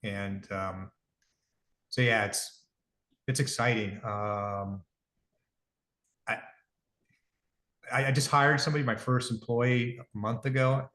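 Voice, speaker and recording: A man's voice: medium pitch, fairly even intonation, slow, long pauses, bright, forceful tone. A middle-aged man talking casually as an interview guest, rambling, correcting himself as he goes, earnest about his business. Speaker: guest, device company founder. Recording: roomy echo.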